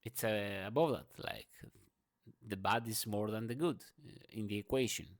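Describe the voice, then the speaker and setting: A man who is not a native English speaker, giving an unscripted morning rant, emphatic and profane, with many fillers and restarts, swinging between loud and soft. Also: fairly low pitch, normal speed. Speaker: vlogger.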